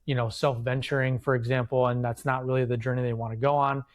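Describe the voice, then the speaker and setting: A man with a mid-range voice co-hosts a casual podcast for inventors. He gives advice in a steady, explaining way and uses a few fillers as he goes. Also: medium pitch, fast. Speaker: podcast co-host, inventor coach. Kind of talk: casual chat.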